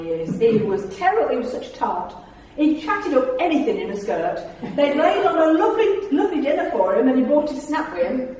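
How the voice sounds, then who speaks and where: A woman's voice: fairly high pitch, mellow, slight background noise. Chatty woman, echoey room. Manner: chatty storyteller, acts out the dialogue in her tales. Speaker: after-dinner speaker. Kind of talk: anecdotal talk to a club audience. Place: function room. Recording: very echoey room, speaker far from the mic.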